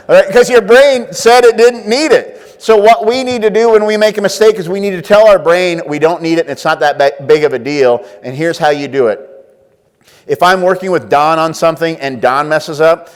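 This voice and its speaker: A man with a fairly high voice leads a workshop in a big conference room. He talks with a lot of energy, acting out little inner voices and asking the crowd questions. The sound rings on with a long echo from the hall. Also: moderate pace. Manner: lively, acts out inner voices, quizzes the audience. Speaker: workshop speaker.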